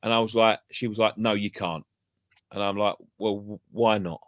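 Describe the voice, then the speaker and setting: A man's voice: fairly low pitch, flat delivery, fairly quick, no room sound, studio quality. A man chatting casually on a fan channel, telling sweary, rambling stories full of restarts. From England. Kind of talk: casual pub chat.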